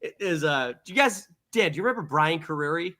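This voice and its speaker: A man co-hosting a comedy podcast, telling animated stories full of swearing and acted-out quotes. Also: on the high side, a little fast. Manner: animated storyteller, swears a lot, acts out quotes. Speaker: podcast co-host. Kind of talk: casual comedic chat.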